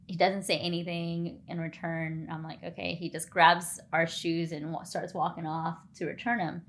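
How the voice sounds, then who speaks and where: A woman's voice: lowish voice, normal speed, few pauses. A woman podcast co-host telling a story in casual chat, acting out the lines of the people in it. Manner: animated, acts out quoted dialogue.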